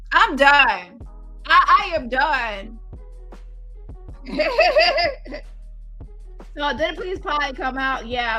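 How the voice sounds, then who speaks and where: A woman hosts a casual livestream with a bright, forceful voice set a little high. She talks bluntly and with exasperation, swearing freely and laughing between her remarks. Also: rough recording. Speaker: livestream host. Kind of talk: casual live commentary.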